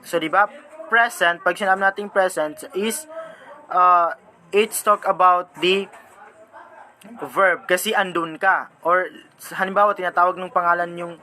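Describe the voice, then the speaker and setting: A young Filipino man with a Filipino accent gives a halting classroom report, pausing and searching for words as he switches languages mid-sentence. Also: sits high, steady tone, pushed and bright, slight background noise. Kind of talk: informal classroom explanation.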